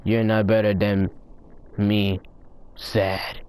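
A man giving rowdy, profane commentary while playing a game, often breaking into loud high-pitched yells. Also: level tone, very slow, clean tone. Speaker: gamer recording his play. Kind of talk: casual gaming commentary.

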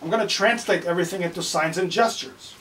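A man's voice: sits high, quick pace, a bit bright, recorded from a distance, slight background noise, pitched above the performer's own voice, rough recording. A man voicing a chatty, fussy parrot while reading his story aloud in a bookshop. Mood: indignant.

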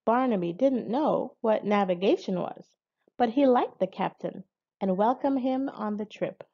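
Slow, expressive woman reading a storybook. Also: mid-range voice, dull audio. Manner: slow, expressive read-aloud. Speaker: audiobook narrator.

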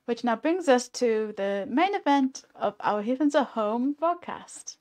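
Higher-voiced female co-host. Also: lively intonation, unhurried, darkish tone. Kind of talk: community live stream.

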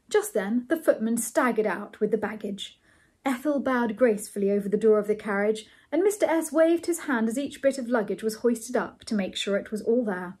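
A woman reads a storybook aloud in a measured, lightly amused way. Her voice is soft and breathy, set a little high. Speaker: reader of a novel. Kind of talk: storybook read-aloud narration.

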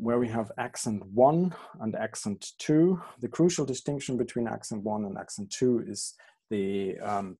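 A man with a fairly low voice delivers an academic lecture over slides through an online call. He talks haltingly, filling pauses with ums and restarting phrases as he corrects himself. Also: warm tone, husky. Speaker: guest lecturer.

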